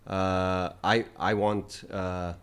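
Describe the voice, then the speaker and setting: Man, podcast guest, casual chat, halting, many fillers, animated. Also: low voice, clear, resonant tone.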